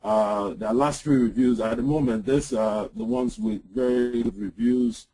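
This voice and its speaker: A man presenting software in an online webinar, walking through a screen-share demo with frequent "uh"s and "um"s over a computer mic. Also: mid-range voice, fairly even intonation, a little slow, low-quality recording. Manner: hesitant, lots of "uh" and "um". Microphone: computer mic on an online call.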